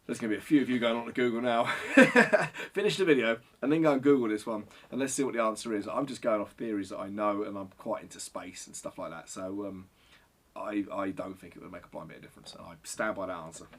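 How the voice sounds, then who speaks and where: A man's voice: fairly low pitch, quick pace. A middle-aged man answering viewer questions in a casual, rambling vlog, sweary and self-deprecating. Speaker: photographer and vlogger.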